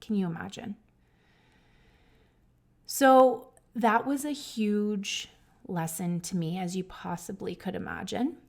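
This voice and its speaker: Woman podcast host, earnest, emotional, personal storytelling, medium pitch, talks straight to listeners. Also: takes it slowly. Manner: earnest, emotional, many restarts and asides to listeners.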